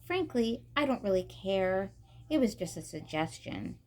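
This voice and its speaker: A woman's voice: medium pitch, very animated, a little slow, a little mellow. A woman reading aloud as a prim, bossy teenage sister in a storybook, with a haughty, dismissive tone.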